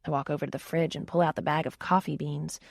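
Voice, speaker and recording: A woman narrating a romance audiobook in the first person, with wry, expressive storytelling. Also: low voice, fast talker, vocal fry, no echo, studio quality.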